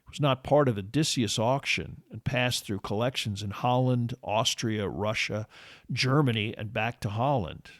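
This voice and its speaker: A man narrating a history podcast in a measured, steady scripted read. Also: medium pitch, no room sound, clean studio sound.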